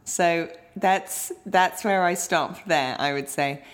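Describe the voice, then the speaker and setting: Chatty English woman, low voice. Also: slow. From Britain. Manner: chatty, laughs often, rambling asides. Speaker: interview guest. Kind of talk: casual podcast interview.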